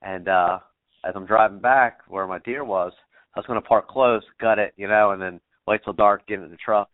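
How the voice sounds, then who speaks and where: A man's voice: fairly low pitch, steady tone, normal speed, no room sound. Rambling man on a tinny line. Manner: rambling, many fillers, swears freely. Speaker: podcast guest, bow hunter. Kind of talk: casual storytelling. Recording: tinny phone-like remote line.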